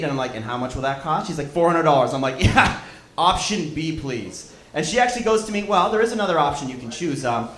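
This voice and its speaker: A man's voice: on the high side, expressive, fairly quick. A man with a Canadian accent hosting and doing stand-up in a comedy club, loose and swearing. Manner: loose, swearing, loud crowd-hyping. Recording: roomy club echo.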